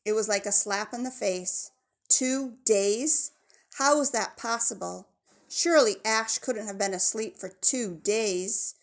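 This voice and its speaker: Woman audiobook narrator, mid-range pitch, gravelly edge, measured delivery. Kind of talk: scripted narration of a children's novel.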